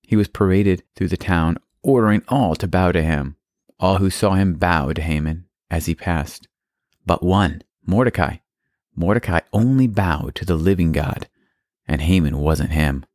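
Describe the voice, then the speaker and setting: A man narrates a children's Bible story with plain telling and playful asides. His voice is very low, and the recording is dry and close. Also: a little slow, a little mellow, no echo.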